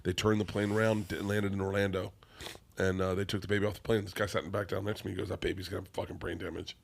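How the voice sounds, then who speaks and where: A man's voice: lowish voice, flat delivery, very fast, gravelly, a little hiss or hum. A middle-aged man, a comedian guest, telling a wild story in casual chat, profane and rowdy, acting out the people he quotes.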